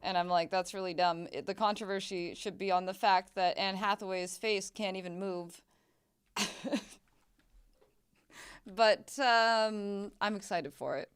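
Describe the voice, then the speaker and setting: Streamer type: young woman, chatty and loose, mid-pitch, smooth clear voice, desk mic. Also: fairly even intonation, a little slow, pauses often. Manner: chatty, swearing, laughing, exclamations. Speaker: game streamer. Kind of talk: casual gameplay chat.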